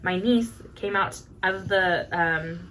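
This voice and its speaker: A woman in her thirties co-hosting a podcast, telling a story in a lively chat and acting out the voices of the people in it. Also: fairly low pitch, takes it slowly, a little hiss or hum. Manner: animated storyteller, acts out quotes with laughs. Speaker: podcast co-host. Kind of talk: casual chat.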